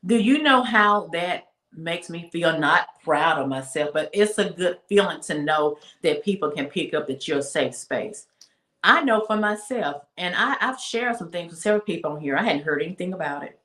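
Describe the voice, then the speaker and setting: A woman with a low voice gives a casual, faith-based talk in a roomy, echoing space. She preaches her points with emphasis, circles back to repeat them, and slows right down to drive them home. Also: lively intonation, fairly bright tone. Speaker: speaker and women's mentor on a talk show. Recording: roomy echo.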